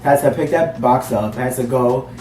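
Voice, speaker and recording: A man's voice: medium pitch, a little fast, mellow, far from the mic. A young man telling a casual story, rambling and leaning on "like" as he goes. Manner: rambling, heavy use of "like". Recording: roomy, off-mic with faint music.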